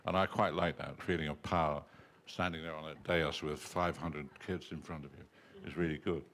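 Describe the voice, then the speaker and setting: A very deep-voiced man, an actor, spinning anecdotes at a panel. His humor is wry and self-deprecating, and his delivery is loose and conversational. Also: steady tone, moderate pace, fairly bright tone, a little hiss or hum.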